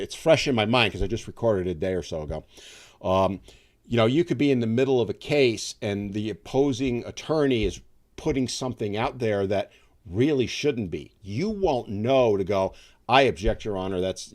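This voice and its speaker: A man from upstate New York hosting a casual livestream, talking in a rambling, conversational way with many fillers. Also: lowish voice. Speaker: livestream host.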